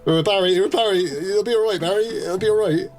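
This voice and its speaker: A man voicing a small nervous man who pleads and fusses to calm his friend. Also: sits high, fairly quick, voice pushed up. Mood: fussing. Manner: pleading, fussing.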